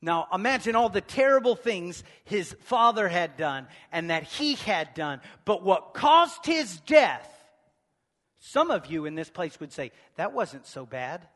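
High-voiced preacher in an echoey church. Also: male voice, very animated, unhurried. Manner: emphatic, repetitive, building to shouts. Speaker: pastor. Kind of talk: sermon. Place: church hall.

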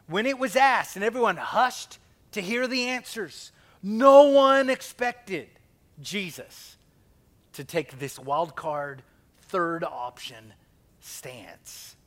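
A man's voice: sits high, slow, a bit bright. A male pastor preaching a conversational sermon, asking the congregation questions and acting out quotes.

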